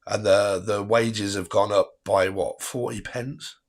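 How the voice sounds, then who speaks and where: A man hosts a tarot livestream, chatting casually with viewers in a rambling way and laughing often. His voice sits on the low side with a steady tone.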